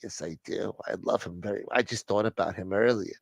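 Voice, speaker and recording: Fawning, gushing woman fan, played by a man in a low gravelly voice, dry close mic. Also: fairly quick, dry recording. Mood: doting.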